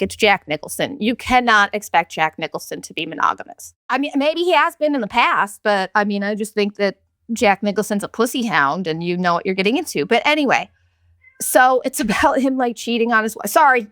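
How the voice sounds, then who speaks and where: A woman's voice: mid-range voice, a little fast, a bit bright, no room sound, clean studio sound. A woman in her thirties hosting a podcast, ranting in a candid, profane, sarcastic and rambling way. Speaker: podcast host. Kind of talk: casual solo podcast rant.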